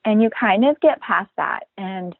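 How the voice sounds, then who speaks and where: A woman's voice: mid-range voice, expressive, unhurried, vocal fry, husky, dry recording. A woman in her thirties, a guest in a casual interview, talking in an upbeat, matter-of-fact way and acting out the voices she quotes. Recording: dry, tinny phone-like line.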